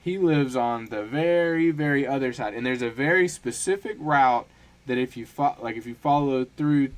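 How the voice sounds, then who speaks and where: A man hosts a podcast in casual conversation, speaking at a middle pitch. He talks in a halting, self-deprecating way, restarting his sentences often and laughing at himself. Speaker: podcast host. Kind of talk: casual chat.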